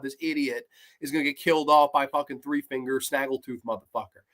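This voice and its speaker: A man's voice: on the high side, lively intonation, fairly quick. A man in his twenties hosting a horror movie review, talking casually with a profane, sarcastic, ranting manner. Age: 20s.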